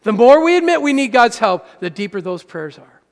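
Male pastor, high gravelly voice, dynamic sermon delivery, echoey church hall. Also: very animated, fairly quick. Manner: preaching with swings from hushed to loud, calls to the congregation.

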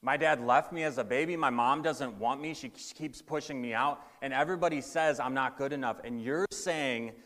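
A man's voice: medium pitch, normal speed, few pauses, a bit bright, close to an everyday voice. Man quoting a rejected teen girl, desperate, near his own voice, echoing hall. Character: hurting teenage girl, rejected by family. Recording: reverberant hall.

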